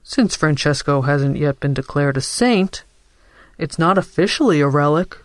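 A man doing a smooth, scheming scent dealer. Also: on the high side, moderate pace, no room sound, clean studio sound, lightly acted. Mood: persuasive. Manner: calm, persuasive salesman's reasoning.

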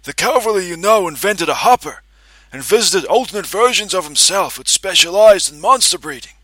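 Man putting on a hoarse mechanical brain. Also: high-pitched, animated, brisk, sharp tone, dry recording, pitched above the performer's own voice, heavily acted. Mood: explaining.

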